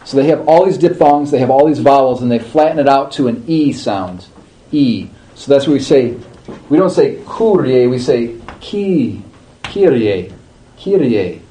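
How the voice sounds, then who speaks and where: Man teaching a class, mellow tone, casual and chatty, slight background hiss. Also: medium pitch, low-quality recording. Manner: conversational, checks in with listeners, drawn-out chanted demonstrations. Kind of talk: informal class talk.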